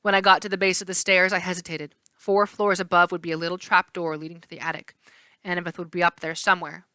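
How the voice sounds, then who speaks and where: Bright-voiced woman reading a novel aloud. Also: fairly low pitch, quick pace, smooth, dry recording. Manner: expressive first-person reading with small slips. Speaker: read-aloud narrator.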